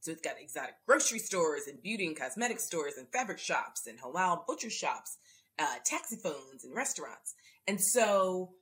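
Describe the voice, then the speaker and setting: A woman hosts an interview podcast, reading quiz questions and explaining answers. Her voice is lower, with a lively, swinging pitch. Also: normal speed. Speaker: podcast host.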